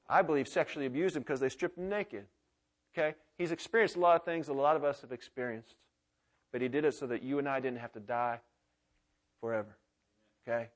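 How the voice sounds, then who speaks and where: A man in his thirties preaching a sermon as pastor, swinging from loud exclamations to quiet prayer. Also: medium pitch.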